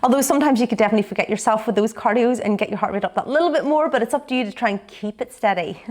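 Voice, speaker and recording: Young woman, fitness instructor, brisk upbeat explainer in a relaxed Q&A chat. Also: a little high. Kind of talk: casual Q&A chat to camera.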